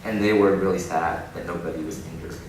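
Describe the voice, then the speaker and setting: Male keynote speaker, low voice, lively storyteller, distant mic in a noisy, echoing hall. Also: brisk. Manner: animated storytelling with frequent laughs. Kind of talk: inspirational keynote talk. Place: large conference hall.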